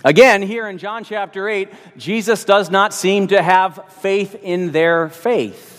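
A man's voice: high voice, a little slow, in a large hall. A man preaching a sermon, earnest and emphatic, often repeating words as he builds his point.

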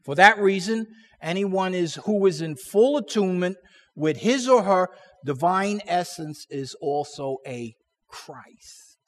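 Man, preacher, sermon-style Bible teaching, slow deliberate delivery, slightly high voice, repeats words for emphasis. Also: expressive.

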